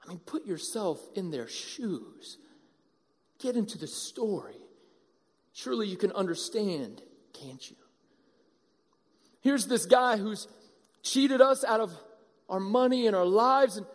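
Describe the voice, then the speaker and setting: A man preaching a sermon as pastor, animated and acting out the voices of a crowd. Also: high voice, slow pace, pauses often. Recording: long hall reverb.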